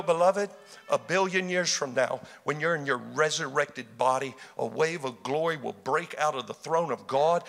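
A man preaching a sermon, swinging from hushed, intimate passages to loud, shouted exclamations. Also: a little high, creaky, big-room sound.

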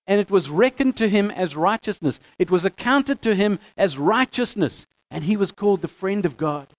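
High-voiced man teaching scripture. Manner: animated, reads scripture aloud with emphasis, frequent restarts. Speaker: bible teacher.

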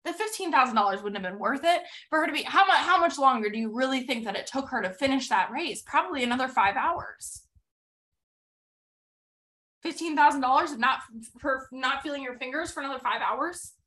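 A woman hosting a motivational podcast, retelling a story in an animated, emphatic way with quoted dialogue and repeated phrases for effect. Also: high-pitched, a little fast. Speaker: podcast host.

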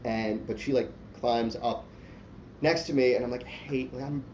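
A man's voice: mid-range voice, normal speed, a little mellow. A man telling a long, profane story in casual chat, rambling and self-mocking and full of "like". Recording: roomy, dull lo-fi sound with faint hiss.

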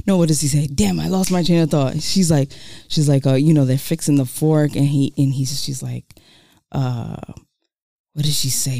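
A podcast co-host in casual chat, telling stories with animated delivery and free swearing. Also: medium pitch, moderate pace, creaky, no echo, clean studio sound. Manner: animated storyteller, swears freely.

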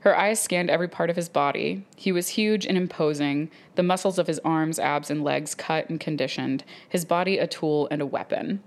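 Young woman, podcast co-host, low-pitched with a gravelly edge, reading romance passages aloud steadily. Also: normal speed, few pauses.

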